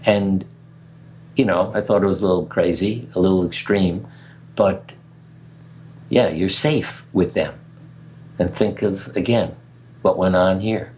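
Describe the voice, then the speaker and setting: A man's voice: deep voice, measured pace, long pauses, darkish tone. An older man talking as a radio guest, telling stories in an earnest, anecdotal way and chuckling at his own tales. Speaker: guest speaker. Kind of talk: conversational storytelling interview. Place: radio interview.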